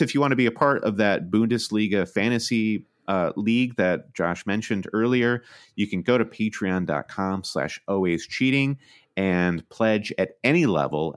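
A man co-hosting a sports podcast, chatting with dry humor and reading sponsor notes. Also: sits low. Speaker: podcast co-host. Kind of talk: casual podcast chat and sponsor reads.

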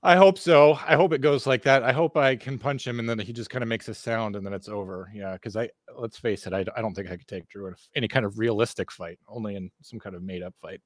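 A man guesting on a podcast, casually telling a rambling, animated anecdote with plenty of swearing. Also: lowish voice, fast, few pauses, no echo, studio quality.

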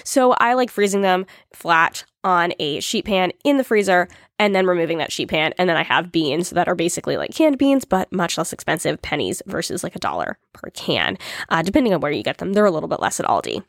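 A woman's voice: fairly low pitch, very animated, fairly quick, no room sound, clean studio sound. A woman hosting a casual solo podcast, chatty and upbeat with small laughs, in her morning voice. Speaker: podcast host.

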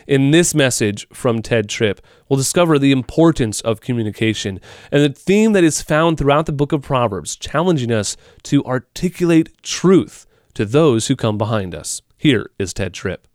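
A man's voice: medium pitch, animated, normal speed, darkish tone, no echo, clean studio sound. A man hosting a Christian radio program, reading announcements in a casual, conversational way. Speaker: radio host.

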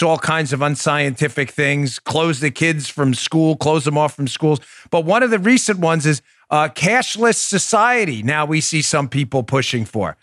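A man's voice: on the high side, fairly bright tone, no room sound. Man, talk show host, emphatic, combative, dry studio sound. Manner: emphatic, combative, addresses listeners directly. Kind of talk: political talk show monologue with ad reads.

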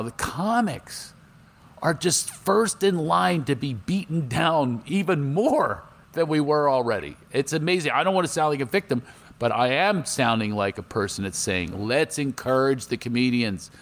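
A man's voice: a little high, moderate pace, vocal fry. A man, a comedian from Philadelphia, chatting casually in an interview and acting out anecdotes. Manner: animated storyteller, acts out voices in anecdotes. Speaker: comedian guest. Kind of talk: casual interview chat with storytelling.

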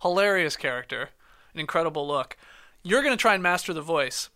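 A man hosting a casual podcast, laughing often and talking quickly. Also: fairly high pitch, lively intonation, bright, forceful tone. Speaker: podcast host.

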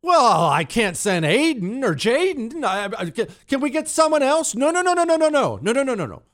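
A man putting on a whiny, high-pitched voice to mock a flustered suburban mother. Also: big pitch swings, moderate pace.

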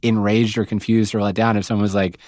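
Male podcast host, lowish pitch, lively casual storyteller, dry booth sound. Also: fast talker, dry recording. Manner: animated storytelling, casual, swearing. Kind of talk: conversational interview.

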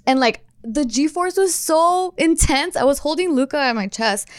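A young woman casually telling friends an animated story, swearing often as she goes. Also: high voice, moderate pace, no room sound, clean studio sound. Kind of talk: casual chat.

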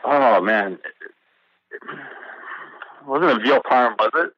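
A man's voice: medium pitch, animated, slow pace, no room sound. A man calling in to a trivia quiz, thinking aloud and hesitating with fillers as he answers. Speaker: caller playing a trivia quiz. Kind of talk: casual quiz answers over the phone. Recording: dull lo-fi phone line.

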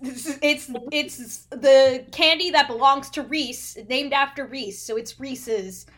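A woman co-host with a bright, fairly high voice. She talks in an animated, emphatic way and often breaks into giggles. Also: slow. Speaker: podcast co-host. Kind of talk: casual chat.

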